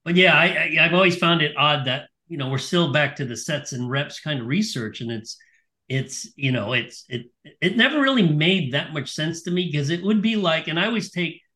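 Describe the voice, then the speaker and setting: Male host, bright and forceful, a little high, thoughtful and prone to restarts. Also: expressive, normal speed. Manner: thoughtful, restarts his sentences. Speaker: podcast host. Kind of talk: casual podcast conversation.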